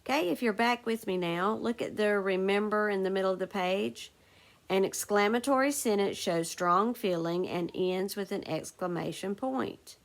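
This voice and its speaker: A woman's voice: mid-range voice, normal speed, creaky. A woman teacher leading a recorded phonics lesson for second graders, patiently asking the class questions and answering them herself.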